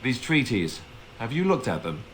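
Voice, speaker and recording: A man's voice: mid-range voice, very animated, normal speed, slight background noise, natural voice, poor audio. An actor playing an earnest, self-deprecating young male warrior in a video game.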